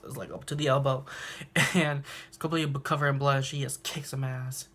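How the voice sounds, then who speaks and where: On a handheld phone, a young man casually recaps a cartoon episode, laughing a lot and acting out what the characters say. His voice sits at medium pitch with a level tone, and he talks briskly with a slightly bright sound. He's a reaction video host.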